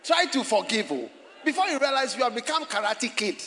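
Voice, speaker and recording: A man preaching a sermon in a church, animated and often shouting and laughing as he addresses the congregation and online viewers. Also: very high-pitched, fairly quick, slight background noise. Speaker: pastor.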